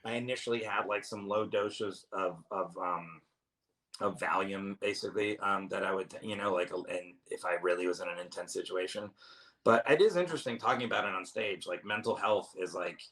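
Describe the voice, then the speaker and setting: A man's voice: sits low, moderate pace, fairly bright tone. A man, a comedian guest, telling stories in a casual chat, rambling, restarting and swearing freely. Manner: rambling, self-interrupting storyteller, swears freely.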